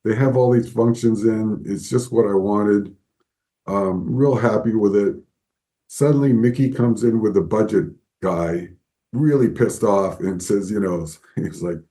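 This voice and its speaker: A man guest in an interview, telling lively anecdotes and acting out the people he quotes. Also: fairly low pitch, a little slow. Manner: animated storyteller, acts out quoted voices. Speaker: guest, former Disney figure animator. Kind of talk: storytelling interview.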